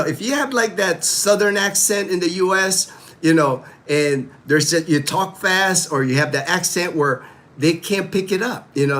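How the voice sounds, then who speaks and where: Rambling man hosting a livestream chat. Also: on the high side. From Philippines. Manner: rambling, animated, many "you know" fillers. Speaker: livestream host. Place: home in the Philippines.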